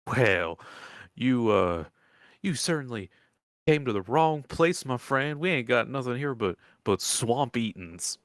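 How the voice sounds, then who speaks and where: A man's voice: mid-range voice, expressive, unhurried, no room sound, studio quality, voice pushed up. A man voicing a folksy older woman who runs a swamp bait shack, with a put-on Southern drawl and a rambling way of talking.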